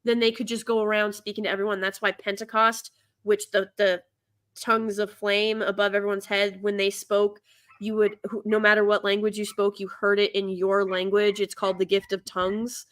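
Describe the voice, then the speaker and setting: A woman's voice: mid-range voice, level tone, moderate pace, fairly bright tone. A woman hosting a casual commentary chat, talkative and laughing often, with frequent restarts. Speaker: host.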